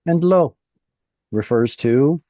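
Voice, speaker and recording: A man leads an online Hebrew reading lesson at an unhurried pace. His voice is mellow and dry, and he explains each point patiently, step by step, over a video call. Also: mid-range voice, expressive, no echo. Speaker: Hebrew teacher. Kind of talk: online class teaching.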